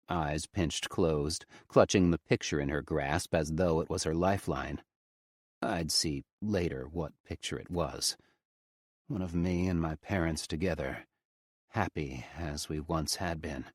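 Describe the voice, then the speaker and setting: Slow, deep-voiced male audiobook narrator. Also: no echo, studio quality. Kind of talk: first-person audiobook narration.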